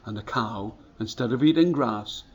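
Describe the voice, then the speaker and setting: A man telling stories to schoolchildren, animated, and inviting the children to join in the actions. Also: mid-range voice, normal speed, in a large hall, slight background noise. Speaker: storyteller. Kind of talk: storytelling to schoolchildren. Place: school hall.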